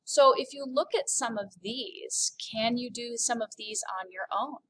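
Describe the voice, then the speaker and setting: Slow, cheerful woman teaching French. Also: a little high, fairly bright tone. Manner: slow and clear, models French words, upbeat. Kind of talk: recorded classroom lesson.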